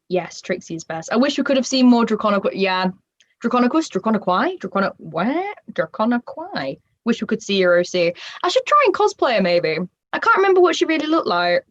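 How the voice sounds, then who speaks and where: A woman's voice: fairly low pitch, no room sound. Northern english girl rambling on a stream panel, laughs a lot, dull dry webcam sound. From Northern England. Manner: bubbly, rambling, laughs often. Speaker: convention panel guest. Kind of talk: livestreamed solo panel, reading chat. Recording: dull, dry home livestream audio.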